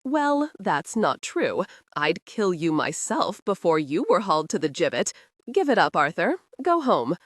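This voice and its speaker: A woman's voice: fairly low pitch, big pitch swings, measured pace, no room sound, studio quality. A woman narrator voicing a bold, scornful young heroine in disguise, speaking cheekily. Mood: cheeky.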